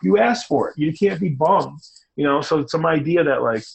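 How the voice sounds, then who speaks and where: Animated, rambling middle-aged man. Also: fairly high pitch, moderate pace, creaky, low-quality recording. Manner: animated, rambling, emphatic storyteller. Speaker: interview guest, designer. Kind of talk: casual interview talk.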